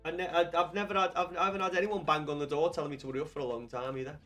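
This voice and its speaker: A young man chatting casually to viewers while streaming a football video game, rambling and swearing with excited bursts. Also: on the high side, very fast, faint music behind. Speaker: gaming livestreamer. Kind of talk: casual livestream chat with viewers.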